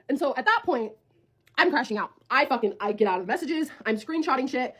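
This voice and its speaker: Fast-talking husky young woman. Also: high-pitched, lively intonation, a bit bright. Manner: blunt, swears a lot, talks to viewers like a friend. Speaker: storyteller. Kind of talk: casual storytime vlog.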